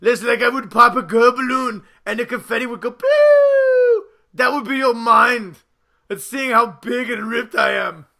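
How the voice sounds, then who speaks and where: A man's voice: very high voice, wildly swooping pitch, a little slow, gravelly, sharp tone, exaggerated voice. A man putting on a Russian accent to voice a boastful giant boxer who brags in broken English. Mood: boasting. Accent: Russian, put on. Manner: broken-English bragging, mock-menacing.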